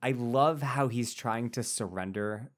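A man casually discussing a comedy film, excitable, swearing and acting out quotes loudly. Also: medium pitch, a little slow.

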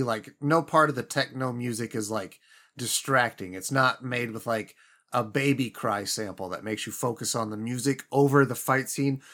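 A man's voice: mid-range voice, a bit bright. A man co-hosting a casual film-review podcast, upbeat as he explains his scores. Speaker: podcast co-host.

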